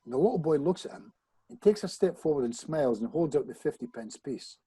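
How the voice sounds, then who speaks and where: A man's voice: fairly high pitch, brisk, breathy edge, dry recording, poor audio. A man who is a hypnotist guest on a podcast tells a personal anecdote, restarting phrases and speaking straight to the host. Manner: animated storyteller who often restarts phrases and addresses the host directly. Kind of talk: storytelling anecdote in a podcast chat.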